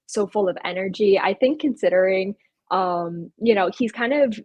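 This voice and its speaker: A woman's voice: medium pitch, moderate pace, dry recording, highs cut off. A woman co-hosting a podcast, chatting casually about a TV episode, giggling and hedging often. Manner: giggly, hedging, lots of "like" and laughs. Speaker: podcast co-host. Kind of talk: casual pop-culture chat.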